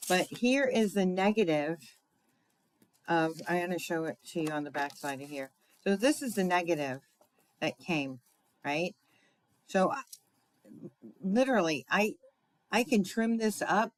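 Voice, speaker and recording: A woman's voice: on the low side, dry recording, poor audio. A woman giving a casual live craft demonstration, chatty and thinking aloud, talking to her viewers with fillers and asides.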